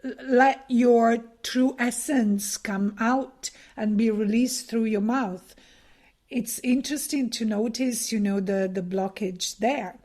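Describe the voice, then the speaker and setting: Woman in her 50s hosting a podcast, slow and thoughtful, kinda high voice, lots of um and you know. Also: darkish tone. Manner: thoughtful, many fillers. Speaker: podcast host. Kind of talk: casual podcast conversation.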